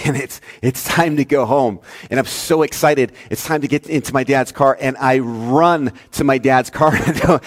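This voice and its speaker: A male pastor preaching a sermon, telling a story with lively swings between loud, emphatic lines and hushed, soft ones. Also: medium pitch, moderate pace, hardly any pauses, big-room sound.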